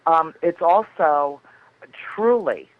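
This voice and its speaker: An effusive woman guest chats and tells stories, laughing often. Her voice is fairly low for a woman. It comes through dull, lo-fi audio. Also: expressive, takes it slowly. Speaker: guest author. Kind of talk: casual chat.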